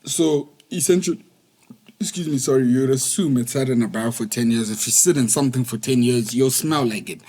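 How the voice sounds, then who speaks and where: A man co-hosting a podcast in casual chat, animated and jokey, often laughing as he tells stories. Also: mid-range voice, fairly quick, husky. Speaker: podcast co-host.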